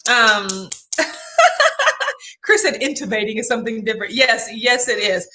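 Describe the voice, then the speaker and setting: A woman hosting a casual keto livestream chat, talking in an animated way and laughing often. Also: on the high side, normal speed, slight background noise. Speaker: keto vlog host.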